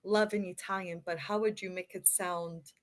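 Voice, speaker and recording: A woman's voice: fairly low pitch, fairly even intonation, moderate pace. A middle-aged woman from Canada, a model guest on a podcast, telling stories in a chatty, self-deprecating way. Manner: chatty storyteller, self-deprecating, laughs easily. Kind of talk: casual chat.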